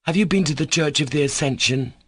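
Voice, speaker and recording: A man's voice: medium pitch, expressive, moderate pace, dry recording, pitched above the performer's own voice, natural voice. A man doing Kolya, a cocky, bossy schoolboy. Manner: lofty, teasing, clipped and sure of himself. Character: cocky quick-witted schoolboy, mocking and bossy.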